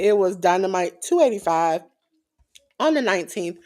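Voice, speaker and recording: A woman co-hosting a wrestling podcast in casual chat, animated and acting out quotes in different voices. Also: medium pitch, moderate pace. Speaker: podcast co-host.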